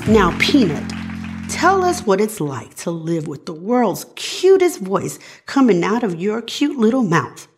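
A woman's voice: mid-range voice, sing-song, unhurried. A woman playing a gushing daytime talk show host in a showy, sing-song announcer delivery. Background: music.

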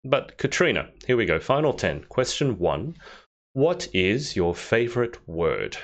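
A man hosting a live interview, asking quick questions and making playful asides. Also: mid-range voice, sing-song, highs cut off. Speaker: podcast host, interviewer. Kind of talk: casual interview chat.

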